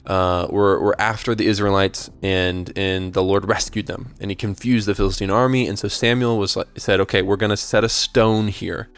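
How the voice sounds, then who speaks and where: Earnest, low-voiced man explaining. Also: fairly even intonation, moderate pace, hardly any pauses, smooth. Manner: thoughtful and earnest, with frequent restarts and tag questions. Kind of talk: casual explanation of hymn lyrics and faith.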